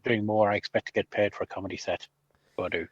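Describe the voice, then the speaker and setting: Husky man cracking dry puns. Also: on the low side, steady tone, quick pace, dry recording, dull audio. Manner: dry, joke-telling, punning. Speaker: player. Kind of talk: in-character banter in a tabletop game.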